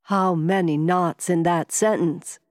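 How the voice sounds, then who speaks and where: A serene, wise male doctor speaks calmly and reassuringly, as a woman reads him aloud. Her voice stays low and close to the mic. A long reverb tail lingers behind it. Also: slow pace. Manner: calm, gently reassuring.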